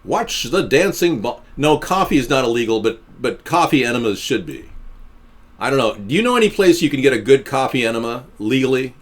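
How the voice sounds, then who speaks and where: A man of middle pitch hosts a live stream with a very animated, swinging delivery. He rants sarcastically at his viewers and jokes around, dropping into low tones and jumping up high. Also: a little fast. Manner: sarcastic, ranting, jokey; swoops between high and low voices.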